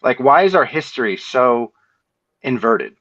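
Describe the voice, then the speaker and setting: A man's voice: medium pitch, animated, unhurried, a bit bright. Rambling man asking questions, dull audio. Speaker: discussion participant. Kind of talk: casual discussion.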